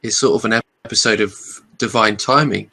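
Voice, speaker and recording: A man hosting an interview, reflecting slowly with many pauses and restarts. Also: lowish voice, creaky, pushed and bright. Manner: thoughtful, halting, with many restarts. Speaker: podcast host.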